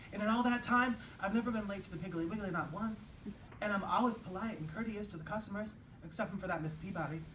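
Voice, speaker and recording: An actor playing a timid young grocery clerk with a folksy, stammering, deferential way of talking. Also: male voice, sits high, a bit bright, echoey room, far from the mic, a little hiss or hum, low-quality recording.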